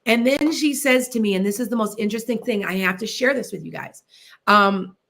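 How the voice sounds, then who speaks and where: A woman from the Midwestern US hosting a psychic radio show, telling stories in a chatty, animated way and speaking straight to her listeners. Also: fairly high pitch, fairly quick, gravelly. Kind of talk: casual storytelling on internet radio.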